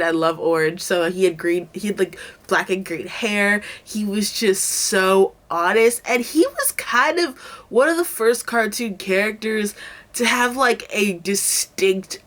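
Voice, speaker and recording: A young woman talking to camera in a loose, gushing chat, full of "like" and quick asides. Her voice sits at a middling pitch. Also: a bit bright. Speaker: YouTube host. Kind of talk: casual chat.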